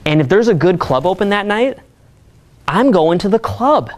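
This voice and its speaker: A man's voice: high-pitched, big pitch swings, normal speed. Brash, profane male dating coach. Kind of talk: seminar talk.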